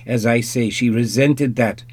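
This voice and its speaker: A man reading an audiobook, voicing a nervous, formal young man with a slight accent in higher, louder tones. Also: fairly even intonation, unhurried, natural voice. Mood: formal, earnest.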